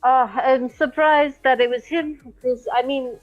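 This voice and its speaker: A woman's voice: sits high, steady tone, a little slow, lo-fi sound, soft background music. A woman playing her character in a tabletop game, speaking hesitantly with stammers. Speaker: player. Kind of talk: in-character tabletop role-play.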